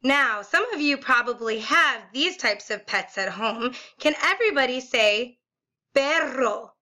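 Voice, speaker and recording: A woman teaching a video lesson, saying words slowly and with exaggerated, sing-song emphasis for her class to repeat, and praising often. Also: high-pitched, expressive, bright, forceful tone. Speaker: Spanish teacher.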